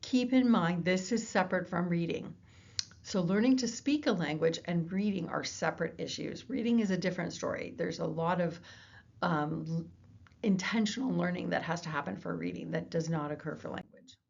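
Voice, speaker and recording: A woman's voice: on the low side, normal speed, gravelly, darkish tone, highs cut off. A woman lecturer explaining course material in a recorded lecture, with frequent fillers and self-corrections. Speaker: psychology lecturer.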